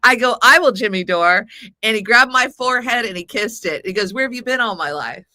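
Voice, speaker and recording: A woman's voice: a little high, animated, fairly quick, bright, forceful tone, dry recording. A woman in her forties telling a long personal story as a podcast guest, rambling and acting out what people said. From Mexican heritage. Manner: rambling anecdotal storyteller, acts out quotes. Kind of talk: casual storytelling chat.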